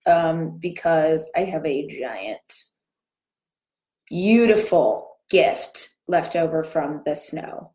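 A woman's voice: on the low side, slow pace, a little mellow, roomy sound. A young woman hosting a casual morning live stream, chatting through a cold sore with her lips barely opening. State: cold sore, speaking with a small mouth.

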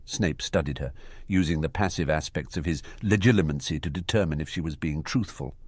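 A man's voice: rumbling low, fairly quick, slightly rough, dry recording. A man narrating a fan fiction audiobook expressively, voicing every character himself. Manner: expressive, performs all the characters. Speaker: audiobook reader.

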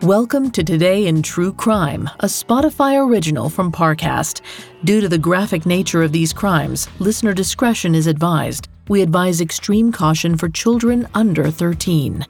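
A woman hosting a podcast, giving scripted true crime narration in a measured, dramatic way. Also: fairly low pitch, animated, vocal fry, a little mellow, faint music behind. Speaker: podcast host.

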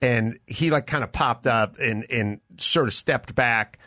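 A man, a guest comedian, chatting casually and telling an animated anecdote, acting out the voices of the people in it. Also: medium pitch, unhurried, dry recording, studio quality. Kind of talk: casual chat storytelling.

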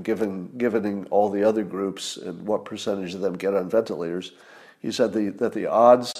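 A man's voice: on the low side, a little mellow. Profane ranting man. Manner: conversational with fillers and restarts. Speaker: commentator. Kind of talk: angry monologue.

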